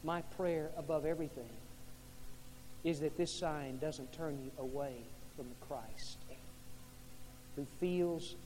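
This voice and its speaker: A male pastor preaching a sermon with dramatic storytelling, shifting from hushed tones to loud peaks. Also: on the high side, slow pace, pauses often. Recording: echoey hall with faint hum.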